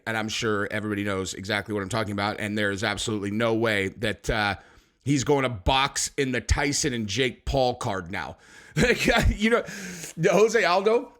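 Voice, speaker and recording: A young man hosts a casual fight recap. He talks in an excitable, rambling way, full of slang. His voice sits at an ordinary middle pitch. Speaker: MMA commentary host.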